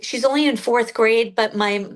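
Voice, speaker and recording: A middle-aged woman in casual conversation as the guest of a reading, emotional and quick to laugh. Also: fairly high pitch.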